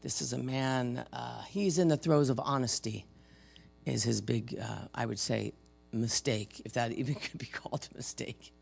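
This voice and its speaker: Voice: medium pitch, steady tone, moderate pace, gravelly, darkish tone, breathy edge. A preacher giving a sermon and retelling a story, talking casually and asking the audience questions. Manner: conversational, asks the audience questions.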